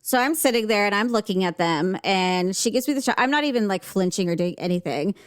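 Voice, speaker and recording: A woman co-hosting a podcast in casual chat, an animated storyteller who acts out family dialogue and laughs often. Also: medium pitch, a little fast, clean tone. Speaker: podcast co-host.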